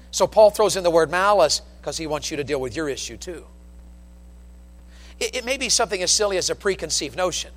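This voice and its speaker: A man preaching a sermon from the pulpit, telling folksy stories in an animated, down-home way. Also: sits high, long reverb tail. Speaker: pastor. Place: church sanctuary with long reverb. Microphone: pulpit microphone.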